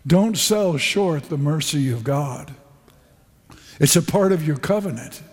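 Male preacher, high-pitched, unhurried, emphatic sermon delivery, long hall reverb. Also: expressive. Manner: fervent, emphatic preaching with repeated phrases.

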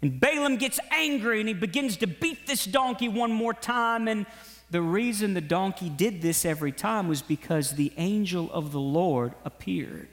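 A man preaching a sermon, retelling a story with animated exhortation to his listeners and viewers. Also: high-pitched. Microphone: broadcast to online viewers. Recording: long hall reverb.

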